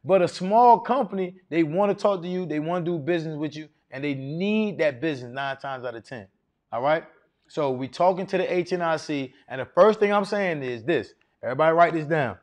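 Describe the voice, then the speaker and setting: Male speaker, middle-aged, slightly high voice, preacherly seminar coach who quizzes the room. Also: a little fast. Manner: animated, preacherly, quizzing the crowd with questions. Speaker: masterclass speaker on federal contracting. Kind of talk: live seminar talk to an audience.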